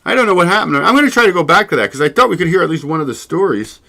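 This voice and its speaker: A man's voice: high-pitched, lively intonation, rapid-fire, creaky, sharp tone. A man hosting his own show, chatting casually and rambling, swearing freely and laughing often. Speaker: show host. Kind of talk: casual solo livestream chat.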